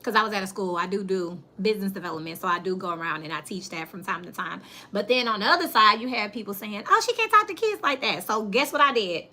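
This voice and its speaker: A woman's voice: mid-range voice, quick pace, few pauses. A woman giving a casual tarot reading, talking bluntly and plainly to her viewers. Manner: blunt, plain-spoken, animated storytelling. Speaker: tarot reader.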